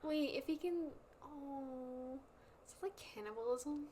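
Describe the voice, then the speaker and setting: A young woman co-hosts a casual chat podcast and tosses in quick, teasing jokes. Her voice is high, with a faint hiss in the background. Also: warm tone. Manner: joking, quick teasing asides. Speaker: podcast co-host.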